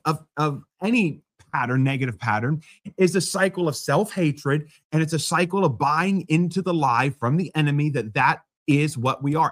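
A man preaching a sermon as pastor, in a conversational style with self-deprecating humor. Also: on the high side.

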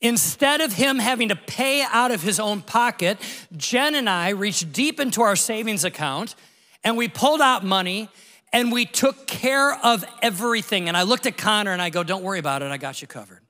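A man in his forties preaching, his fairly high and bright voice carrying through a big church hall with a long reverb tail. He tells a personal story in a casual, animated way, acting out the moments as a pastor leading a sermon. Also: moderate pace.

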